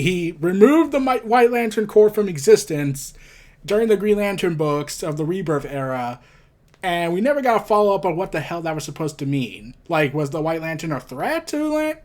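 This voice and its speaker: A man with a voice pitched a little higher than most, talking in a loose, rambling way as he reviews a comic. He reads lines aloud and keeps stumbling into side remarks. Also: big pitch swings, moderate pace. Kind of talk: casual commentary reading a comic aloud.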